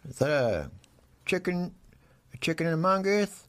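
Male comedy host, deadpan and mock-serious, lively pitch. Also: moderate pace.

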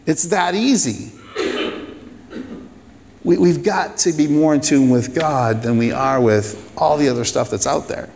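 A man with a somewhat high voice preaches a sermon in a church sanctuary. He speaks conversationally but with emphasis and builds his points through repeated phrases. His voice carries a long reverb from a large hall. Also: measured pace, pauses often, a little mellow, a little hiss or hum. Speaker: pastor.

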